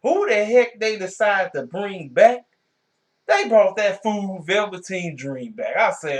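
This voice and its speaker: Man, somewhat high voice, casual solo vlog host, animated and exclaiming. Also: unhurried. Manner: animated, colloquial, exclaiming in disbelief. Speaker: wrestling review channel host.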